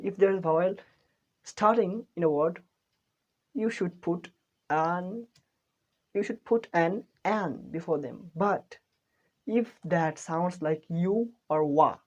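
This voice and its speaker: Slow, mellow-voiced woman teaching English. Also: on the low side, dull audio. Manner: unhurried explaining with restarts and self-corrections. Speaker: English teacher, channel host. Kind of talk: spoken English lesson.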